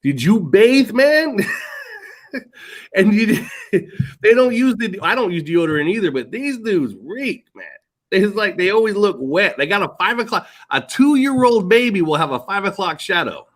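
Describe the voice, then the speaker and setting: Middle-aged man, high voice, swings all over in pitch, casual rambling chat, swears a lot. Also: sing-song, moderate pace. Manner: rambling, profane, laughs often. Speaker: podcast co-host.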